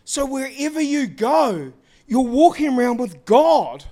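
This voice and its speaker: A man preaching a sermon, telling lively stories and acting out the dialogue in them, in casual, slangy talk. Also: very high-pitched, measured pace.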